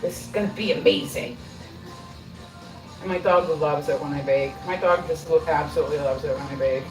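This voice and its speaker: A middle-aged woman chats away on a home livestream, self-deprecating and loose with her swearing. Her voice sits on the low side and comes from a little way off the mic. Her kitchen sounds roomy, with music playing underneath. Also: steady tone, a little fast. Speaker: livestream host. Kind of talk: casual livestream chat while baking. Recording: roomy echo, mic at a distance.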